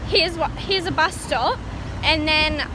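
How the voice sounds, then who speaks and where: High-voiced woman vlogging outdoors. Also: slow pace. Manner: rambling, giggly storytelling. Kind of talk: casual vlog chat. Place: outdoors on city streets. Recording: noisy street recording.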